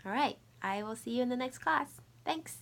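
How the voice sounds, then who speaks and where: A woman's voice: fairly high pitch, animated, normal speed. A middle-aged woman teaching a Mandarin lesson, patiently drilling tones and repeating syllables. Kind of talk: recorded language lesson.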